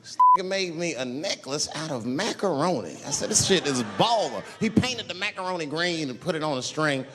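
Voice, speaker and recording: A man's voice: on the high side, animated, brisk, hardly any pauses, long reverb tail, very noisy. A male stand-up comedian telling a brash, profane story about his young son. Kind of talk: stand-up routine.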